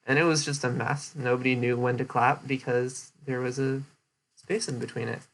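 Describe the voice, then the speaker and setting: A man's voice: mid-range voice, flat delivery, normal speed, vocal fry. A young man casually explaining a presentation he gave, rambling with lots of fillers and restarts. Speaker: streamer giving a presentation recap. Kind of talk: casual chat.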